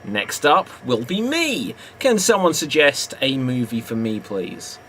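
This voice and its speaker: A man's voice: mid-range voice, sing-song, a little slow, background noise. A British man hosting a live improv comedy stream, chatty and upbeat, laughing often. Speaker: improv show host.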